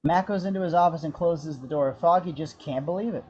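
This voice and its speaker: A man narrating the action description of a screenplay in a steady, descriptive storytelling manner. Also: fairly high pitch, fairly quick, highs cut off, a little hiss or hum. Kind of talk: scripted narration.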